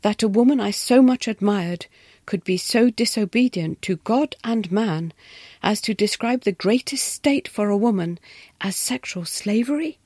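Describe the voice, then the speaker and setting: A woman's voice: medium pitch, measured pace, a little mellow, no room sound, clean studio sound. A woman narrating a story expressively, often dropping into a whisper.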